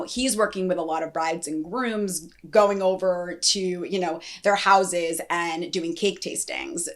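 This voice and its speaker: A woman hosts her own podcast in a loose, chatty way. Her voice sits a little low for a woman. She rambles and fills pauses with ums and likes. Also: a bit bright. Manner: chatty, rambling with many fillers. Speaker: podcast host. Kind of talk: casual podcast chat.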